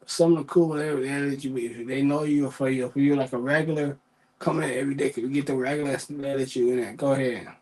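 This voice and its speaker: A man's voice: medium pitch, fairly even intonation, fast talker, mellow, poor audio. A man telling work stories in a casual, profane, exasperated rant, repeating himself.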